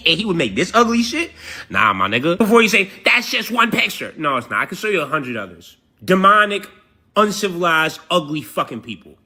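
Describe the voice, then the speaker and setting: A man's voice: fairly high pitch, very animated, a little fast, sharp tone. A man giving profane, mocking reaction commentary in casual slang.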